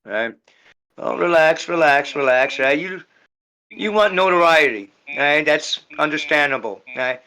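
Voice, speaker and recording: A man's voice: on the high side, animated, measured pace, bright, forceful tone, rough recording. A man speaking in character at a tabletop game, rambling and tagging "right?" onto most sentences. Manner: rambling, repeats "right?" constantly. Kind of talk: in-character role-play speech.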